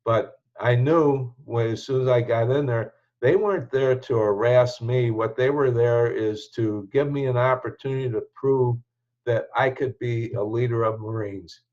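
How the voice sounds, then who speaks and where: In a medium-pitched, somewhat slow and mellow voice, an older American show host wanders through his life story, restarting sentences and chuckling as he reflects. The casual recording comes across dull and slightly lo-fi.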